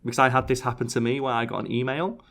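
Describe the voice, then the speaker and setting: A man's voice: mid-range voice, steady tone, very fast, fairly bright tone. Sarcastic man chatting on a podcast. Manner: sarcastic, reading survey answers aloud. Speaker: podcast host. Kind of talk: casual podcast chat.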